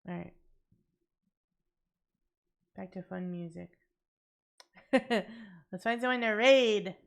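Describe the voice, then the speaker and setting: A sleepy woman streamer with a raspy voice, chatting casually to her chat and to herself as she plays. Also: medium pitch, slow. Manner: chatty, talks to chat and herself, laughs often.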